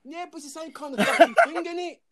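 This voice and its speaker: A man's voice: very high voice, quick pace. A man co-hosting a casual podcast, insistent, full of slang and swearing. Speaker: podcast co-host.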